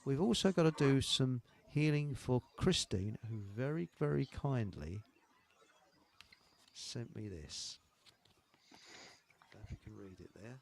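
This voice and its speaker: A man's voice: medium pitch, lively intonation, slow, creaky, long pauses, a little hiss or hum. A middle-aged man, hosting a live online show in a rambling, jokey chat and laughing at his own jokes. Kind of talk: casual chat.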